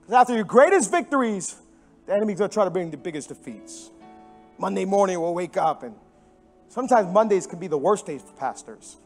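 A man preaching a sermon as a pastor into a microphone in a church, animated and emphatic, swinging between loud stresses and hushed, soft passages. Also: high-pitched, fairly quick, faint music behind. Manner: animated storytelling with sudden drops to hushed tones.

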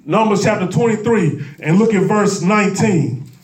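A pastor with a high, bright-edged voice drives his sermon hard, trading call-and-response with the congregation and jumping to shouts. He's picked up from some distance in an echoing church sanctuary. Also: moderate pace. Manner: impassioned preaching with call-and-response and humor; bursts into shouting. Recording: echoey room, mic at a distance.

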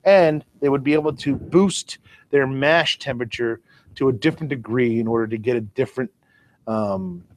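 A man co-hosting a relaxed podcast talks through ideas with homely comparisons and an easygoing, self-deprecating manner. His voice sits at a middling pitch for a man. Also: moderate pace. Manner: explains with everyday comparisons, chatty and self-deprecating. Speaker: podcast co-host. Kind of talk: casual chat.

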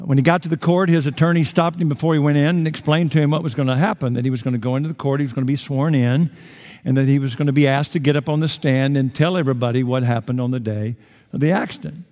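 A man's voice: a little high, darkish tone. Folksy man preaching in a reverberant sanctuary. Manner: folksy storytelling, self-deprecating humor. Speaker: guest pastor. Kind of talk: sermon with humorous story. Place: large church sanctuary. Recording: long hall reverb.

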